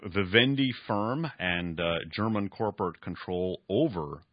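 A man's voice: low-pitched, a little slow, no echo. A man hosting a radio talk program, reading and commenting at length, with frequent fillers. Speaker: radio host. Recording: dull lo-fi radio recording.

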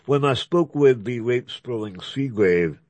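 A man's voice: medium pitch, expressive, a little slow, darkish tone, no room sound. A man hosting a radio talk show, speaking in a rambling, digressive way and spelling out names letter by letter. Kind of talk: conversational radio interview.

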